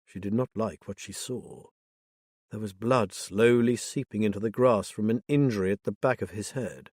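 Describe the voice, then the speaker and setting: A man narrating a thriller audiobook in a measured, even reading. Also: fairly low pitch, slightly rough, dry recording, clean studio sound. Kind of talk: scripted narration.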